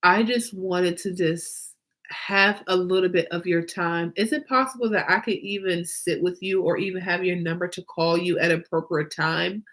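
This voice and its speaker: A woman's voice: fairly low pitch, normal speed. A woman hosting her own fashion vlog, talking in a casual, emphatic way and repeating phrases for emphasis. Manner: emphatic and animated, with many rhetorical questions and fillers. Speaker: fashion designer and vlog host.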